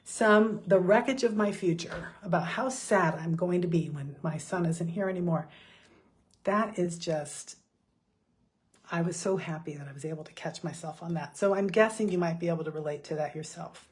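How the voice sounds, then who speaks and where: Husky middle-aged woman giving a talk. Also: fairly low pitch, moderate pace. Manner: chatty, self-deprecating, laughs often. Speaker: speaker. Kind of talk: motivational talk.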